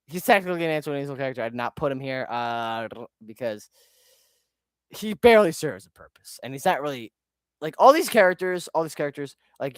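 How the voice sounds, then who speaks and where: A man's voice: mid-range voice, clean tone, no room sound, studio quality. A man chatting casually on a live stream while ranking his own videos, rambling, easily sidetracked and swearing often.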